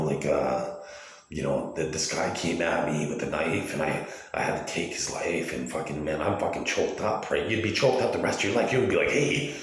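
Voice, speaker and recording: A man in his forties giving an agitated, profane, rambling monologue, full of restarts. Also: on the low side. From Canada. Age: 40s. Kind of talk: ranting video monologue. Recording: very echoey room.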